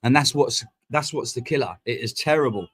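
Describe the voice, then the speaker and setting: A man, hosting a fan live stream and ranting in a heated, sweary, rapid-fire way. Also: mid-range voice, fairly bright tone, breathy edge. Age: 40s. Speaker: fan channel host. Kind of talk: casual live-stream rant. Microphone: streaming mic.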